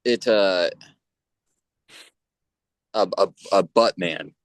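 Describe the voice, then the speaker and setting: A man co-hosting a podcast in casual chat, talking in a hesitant, halting way with many restarts. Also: sits low, no echo. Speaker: podcast co-host.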